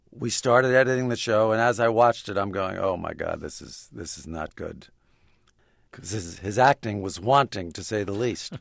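A man's voice: mid-range voice, creaky, no echo. A man, a guest in a radio interview, telling stories in a dry, self-amused way. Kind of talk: interview storytelling.

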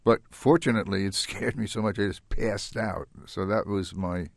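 An older man telling his own story as an interview guest, halting and reflective, with many restarts. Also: fairly low pitch, steady tone, creaky, no echo, studio quality. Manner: halting and reflective, with frequent restarts and soft laughs. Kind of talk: recounting a personal story in an interview.

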